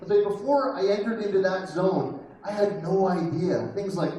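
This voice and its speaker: A man's voice: sits high, animated, a little fast, warm tone. A man in his thirties performing a self-deprecating stand-up comedy set with crowd work, recorded live from a distance with an audience. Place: live venue with audience laughter. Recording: echoey room mic'd from far off, crowd audible.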